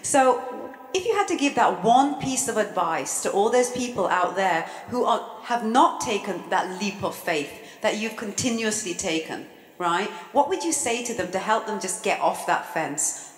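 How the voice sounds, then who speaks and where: A woman hosting a live awards show, keeping the audience questions moving in a brisk, directive way. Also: mid-range voice, expressive. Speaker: host. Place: large event hall. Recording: echoey hall with long reverb.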